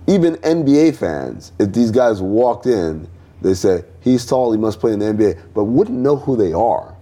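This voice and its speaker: A man co-hosting a relaxed sports chat show. His voice rises and falls a lot, and he slips into exaggerated voices when he quotes people. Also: fairly low pitch, normal speed. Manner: animated, acts out quotes in mock voices. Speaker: podcast co-host.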